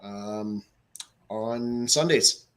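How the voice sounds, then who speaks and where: A man's voice: on the low side, very slow. A man co-hosting a casual podcast, blunt and swearing casually as he chats. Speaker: podcast co-host.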